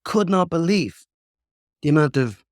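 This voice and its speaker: A man's voice: a little high, animated, unhurried, dry recording, clean studio sound. A man in his fifties from Ireland with an Irish accent, a podcast guest chatting casually and telling stories with many ums and restarts. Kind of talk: casual interview chat.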